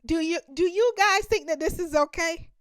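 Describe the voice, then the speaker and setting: This female reaction channel host has a very high-pitched voice and keeps a moderate pace while commenting emphatically to viewers and laughing often. The audio is clean studio sound with no room sound.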